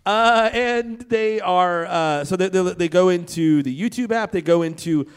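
A man with a fairly high voice is recapping a film's plot. He rambles and adds lots of fillers. It sounds like casual, jokey podcast talk. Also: measured pace, clear, resonant tone.

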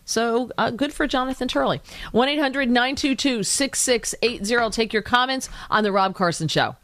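A woman guest-hosting a talk radio show, giving animated, indignant commentary in fast bursts. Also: a little high, a little hiss or hum.

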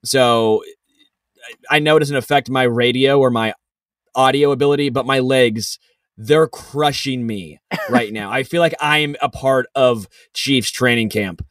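A man's voice: medium pitch, unhurried, a bit bright, dry recording. A man co-hosting a casual sports podcast, easygoing and upbeat, telling stories and reading a sponsor spot. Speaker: podcast co-host. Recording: dry, a bit distant from the mic.

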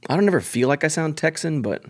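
A man hosting a podcast, relaxed and easygoing, reading a sponsor plug and introducing a guest. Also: fairly high pitch, quick pace. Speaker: podcast host. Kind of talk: casual chat and scripted sponsor read.

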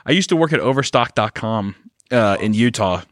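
Animated, swearing male podcast storyteller. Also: lowish voice, moderate pace, no echo, clean studio sound. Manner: animated storytelling, swears freely, puts on voices for people. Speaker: podcast co-host. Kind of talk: casual comedic chat. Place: podcast studio.

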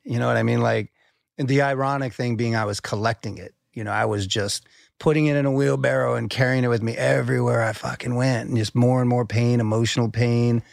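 A man with a gravelly, mid-pitched voice talking candidly as a podcast guest. He is intense and swears freely, often stumbling over repeated words while he works out a thought. The sound is close and dry, with no room echo. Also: steady tone, a little fast. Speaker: podcast guest, endurance athlete. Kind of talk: candid conversational interview.

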